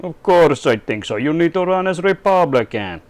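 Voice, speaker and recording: A man's voice: on the high side, animated, normal speed, no room sound, voice pushed up, natural voice. A man voicing a scheming middle-aged male Russian leader in a put-on Russian accent, speaking broken English with dropped articles.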